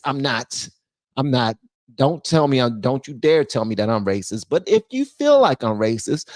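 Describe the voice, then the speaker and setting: A man's voice: medium pitch, moderate pace, no room sound, clean studio sound. Blunt man talking straight to camera. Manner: animated, blunt, talks straight to viewers. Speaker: channel host. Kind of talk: casual political commentary.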